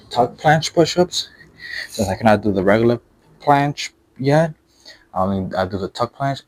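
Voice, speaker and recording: A man's voice: fairly low pitch, dry recording. A young man demonstrating a calisthenics workout and explaining each move, out of breath from exercising, with many fillers and restarts. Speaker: fitness vlogger.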